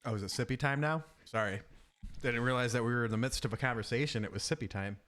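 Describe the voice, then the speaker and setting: A man's voice: medium pitch, fast talker, fairly bright tone. A man co-hosting a casual podcast, teasing and joking, laughing often. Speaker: podcast co-host.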